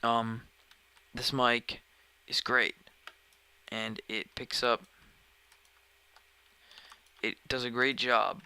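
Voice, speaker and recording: A man's voice: medium pitch, level tone, drawn-out words, gravelly, pauses often, pushed and bright, clean tone, rough recording. A man live-streaming a game, chatting casually and rambling, often sidetracked mid-sentence, recorded at home on a dedicated microphone. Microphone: dedicated desk microphone.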